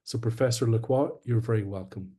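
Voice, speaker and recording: A man hosting a webinar, introducing the guest in a measured, formal way. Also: mid-range voice, warm tone, slightly rough. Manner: measured, formal, with light fillers. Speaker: webinar host. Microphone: video call.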